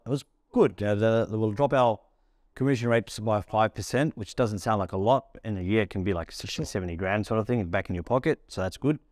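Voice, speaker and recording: An Australian restaurant founder tells stories in a casual podcast interview, speaking rapidly and animatedly and acting out snippets of dialogue. His voice is on the low side, recorded in studio quality with no room sound.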